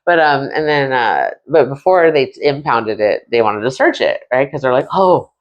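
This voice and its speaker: A woman's voice: rumbling low, expressive, moderate pace, muffled recording. A woman guest telling her story in a casual, profane way, acting out the voices of people she quotes. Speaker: interview guest.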